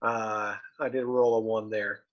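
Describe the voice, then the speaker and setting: A man's voice: on the low side, flat delivery, a little slow, lo-fi sound. A man playing a tabletop game, chatting casually and thinking aloud as he counts his dice.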